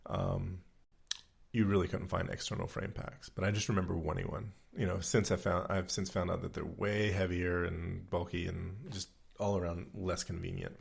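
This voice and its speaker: A low-voiced man with a gravelly, husky texture, co-hosting a podcast in easy conversation. He rambles along, circling back with fillers and restarts as he explains things. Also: flat delivery, moderate pace. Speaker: podcast co-host. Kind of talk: casual chat.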